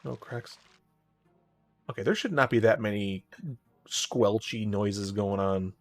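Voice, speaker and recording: A rambling, chatty man with a plain Midwestern American accent talks to his chat while he plays a game. His voice sits fairly low, and faint music plays behind him. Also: slow pace. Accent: general Midwestern American. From Chicago area, US Midwest. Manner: rambling, chatty, reads and answers chat aloud. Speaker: streamer. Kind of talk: casual chat while gaming.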